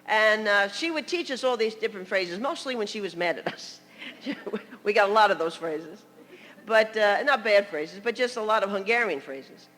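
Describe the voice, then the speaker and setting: A woman's voice: mid-range voice, animated, normal speed, fairly bright tone, big-room sound. An older woman from New York preaching a sermon as a story, chatty, with laughing asides and many "you know"s.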